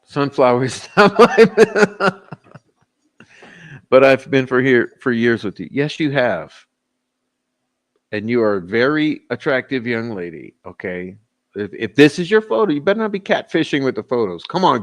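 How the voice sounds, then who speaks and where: A man hosting a livestream sounds animated as he signs off at normal speed in a medium-pitched voice. Slightly tipsy, he giggles, jokes casually with the chat, and laughs often.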